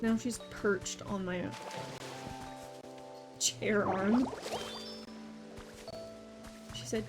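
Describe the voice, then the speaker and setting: A woman's voice: medium pitch, fairly even intonation, slow pace, vocal fry, pauses often, loud music behind the voice. A young adult woman from the United States chatting playfully while streaming a game and reading its lines aloud. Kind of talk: casual gameplay chat.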